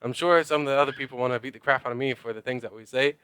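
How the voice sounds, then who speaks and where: A man's voice: medium pitch, steady tone, very fast, a bit bright, smooth, no room sound. A man at home talking casually to camera about playing role-playing games, rambling with lots of fillers. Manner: rambling, loose, filler-heavy. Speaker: tabletop role-playing gamer.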